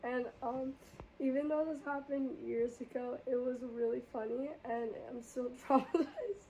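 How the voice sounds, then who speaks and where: A young woman podcast host with a high voice and an unhurried pace tells a story in a casual chat. She's animated, laughing often and acting out the voices of the people in her story. The audio is poor, with slight background noise.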